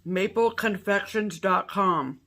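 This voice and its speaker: A woman's voice: medium pitch, takes it slowly, bright, forceful tone, slight background noise. A woman co-hosting a casual chat, teasing and joking. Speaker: co-host.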